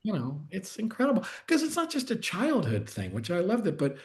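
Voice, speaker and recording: This middle-aged actor, a guest on a video call, has a high-pitched, slightly mellow voice with huge pitch swings and talks a little fast. In a casual interview chat, he restarts and cuts himself off often, getting more and more enthusiastic.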